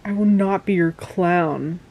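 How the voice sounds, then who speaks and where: A woman's voice: medium pitch, steady tone, fairly quick, darkish tone, close to an everyday voice. A woman reading aloud as an intense young man, hurt and pleading with the girl he loves.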